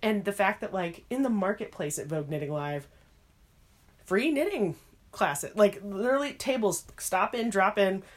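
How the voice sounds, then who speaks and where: A woman chatting casually as a podcast co-host, with a voice of middling pitch for a woman. She talks in an animated, expressive way, with bright swings of emphasis, and breaks into playful voices when she quotes people. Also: moderate pace. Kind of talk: casual chat.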